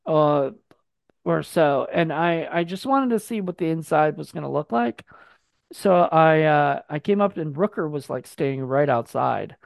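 A man with a somewhat high, gravelly voice chats casually and tells meandering stories, stumbling through fillers and restarts. The sound is dry and close, with no room around it. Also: animated, measured pace, no echo. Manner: rambling storyteller, heavy fillers and restarts. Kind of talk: casual chat.

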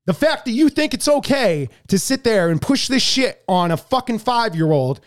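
A man's voice: high voice, sing-song, normal speed. A man co-hosting a casual political podcast, talking in a heated, profane way and often repeating words as he stumbles. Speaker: podcast co-host.

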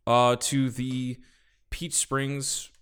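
A man's voice: medium pitch, flat delivery, very slow, a bit bright, smooth. A man co-hosting a podcast, telling a road trip story in casual chat, swearing freely and acting out quoted people. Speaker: podcast co-host.

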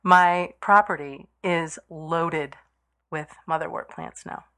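A woman with a fairly low voice, speaking casually in conversation. She feels her way through her thoughts with pauses, fillers and restarts, and she laughs easily. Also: bright, forceful tone. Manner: hesitant, with many fillers and restarts, quick to laugh.

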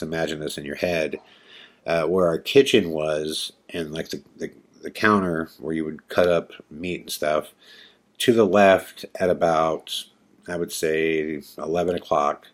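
Deep-voiced male storyteller, rambling and emphatic, casual podcast delivery. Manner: rambling, emphatic, many fillers and restarts. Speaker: podcast guest telling paranormal stories.

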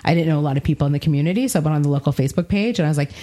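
A woman's voice: low-pitched, racing, dark tone. A woman in her thirties, co-hosting a casual podcast and telling stories candidly, with plenty of fillers. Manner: candid, chatty storyteller with frequent fillers. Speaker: podcast co-host and founder.

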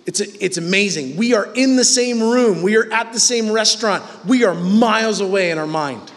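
Joking high-voiced male preacher. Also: moderate pace, long reverb tail. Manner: humorous, self-mocking, conversational. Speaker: pastor. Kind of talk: sermon.

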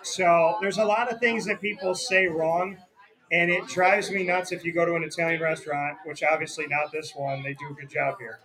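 A man's voice: on the high side, moderate pace. A young man hosting a casual interview at a restaurant, joking and teasing as he tells stories. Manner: joking, teasing, animated storyteller. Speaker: radio show host.

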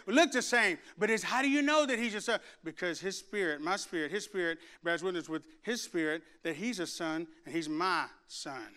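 Male preacher, middle-aged, high ringing voice, animated, shouts at the peaks. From Arkansas. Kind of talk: sermon.

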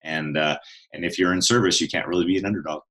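Very deep-voiced enthusiastic podcast host. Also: male voice, fairly even intonation, fast talker, bright, forceful tone, poor audio. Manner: enthusiastic, casual, repeats himself. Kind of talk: podcast interview.

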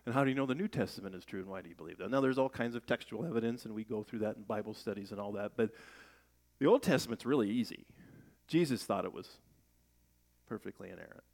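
A man's voice: lowish voice, quick pace, vocal fry, a little mellow. Conversational man preaching a sermon. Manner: conversational, rhetorical questions, rising emphasis. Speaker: pastor.

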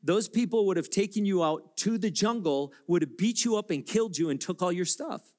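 A man's voice: high-pitched, a little fast, a little mellow, natural voice. A male preacher voicing an urgent foreign pastor in a retold story, insistent and repeating his pleas. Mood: apologetic.

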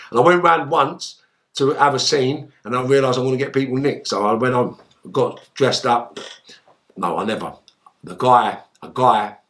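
A man with a gravelly, mid-range voice recounts tales from his days as a gangster during a casual interview. His storytelling is animated, packed with swearing, and punctuated by shouted reenactments of his own outbursts.

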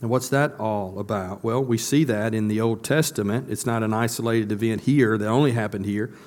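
A male pastor preaching a sermon, often asking the congregation questions and answering them himself. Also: normal speed. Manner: builds to a louder, higher emphatic close.

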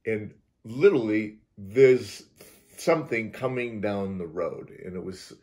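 Guest, male, lowish voice, animated storyteller who acts out sounds and restarts sentences. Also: unhurried. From Utah. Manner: acts out sounds and quoted lines, often restarts. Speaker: interview guest.

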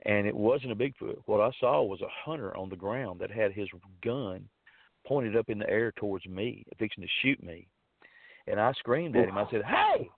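A man with a Southern accent and a fairly low voice tells a story in a loose, rambling way, stopping and restarting his sentences. The sound is dry and thin, like it comes over a phone line. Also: normal speed, vocal fry, dry recording. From Arkansas. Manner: rambling, folksy, many fillers and restarts. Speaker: storyteller guest. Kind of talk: casual spoken storytelling.

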